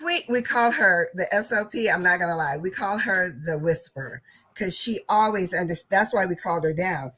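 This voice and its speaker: A woman's voice: lowish voice, moderate pace, fairly bright tone, breathy edge, poor audio. A woman hosting a crafting channel, telling a casual story and often laughing while she talks.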